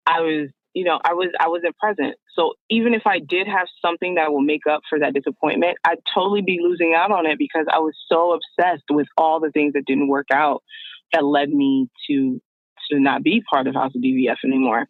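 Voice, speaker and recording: A woman guest telling her story on a phone call, animated and acting out the dialogue she quotes. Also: deep voice, brisk, no echo. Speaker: guest, wardrobe stylist. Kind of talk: casual storytelling over the phone. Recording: tinny phone line.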